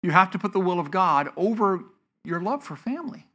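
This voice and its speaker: A pastor preaching to a congregation with a bright, forceful voice. The delivery is built on rhetorical questions that the speaker answers, with key words drawn out for weight. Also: medium pitch, sing-song, a little fast. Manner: stretches out key words for emphasis. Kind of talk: sermon teaching. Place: church before a congregation.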